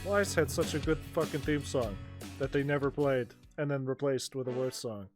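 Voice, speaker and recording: A man's voice: medium pitch, moderate pace. A young man streaming a wrestling video game, with sarcastic, muttering commentary. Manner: sarcastic, swearing, muttering asides. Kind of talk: casual gameplay commentary. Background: game music.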